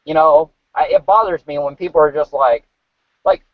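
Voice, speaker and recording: A man telling stories in a casual, profane chat, animated and swearing freely. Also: a little high, normal speed, no echo. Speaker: podcast co-host. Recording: dull dry home mic.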